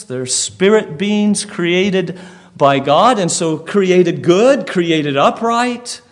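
A male preacher giving a sermon, telling a vivid story and putting questions to his listeners. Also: fairly high pitch.

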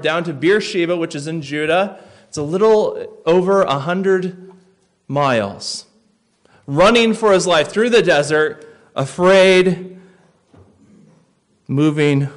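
A man preaching a sermon, earnest, rising to loud emphasis and dropping to quiet, reflective lines. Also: a little high.

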